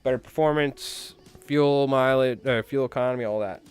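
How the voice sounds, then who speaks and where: A man with a smooth, resonant voice of middling pitch chats easily on a live stream. He rambles from one story to the next, chuckles often and speaks straight to his viewers. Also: normal speed. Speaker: fly tying live-stream host. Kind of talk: casual live-stream chat.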